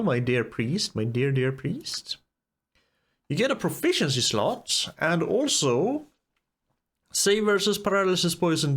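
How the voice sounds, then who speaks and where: A man giving casual let's play commentary, chatty and thinking aloud while he plays. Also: high voice. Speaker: gamer.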